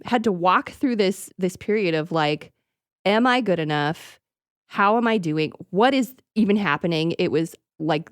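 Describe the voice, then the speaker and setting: A woman's voice: fairly low pitch, dry recording, studio quality. A woman co-hosting a casual faith chat, reacting readily and speaking reflectively about her own experience. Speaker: podcast co-host.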